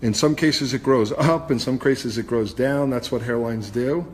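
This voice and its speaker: A male hairstylist and host chats while teaching a live haircut demonstration, explaining each step as he cuts. His mid-range voice moves at normal speed with slight background noise, and the hair salon studio sounds echoey with long reverb and faint ambience.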